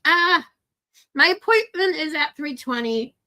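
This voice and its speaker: A woman's voice: high-pitched, expressive, a little slow, bright, forceful tone. A woman chatting on her livestream with viewers, rambling, laughing often and turning tearful. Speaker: streamer. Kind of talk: casual livestream chat with viewers.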